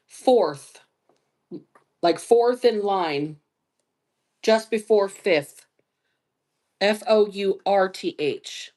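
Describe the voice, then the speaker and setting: Slow, musing woman giving a live reading. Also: mid-range voice, dark tone. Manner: slow, musing, spells out letters. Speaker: psychic reader. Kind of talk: live-stream dice reading.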